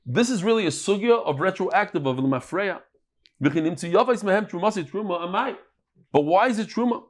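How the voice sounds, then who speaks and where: A man, teaching a daily Talmud class in a lively, joking way, acting out the quotes he reads. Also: high voice, fairly quick.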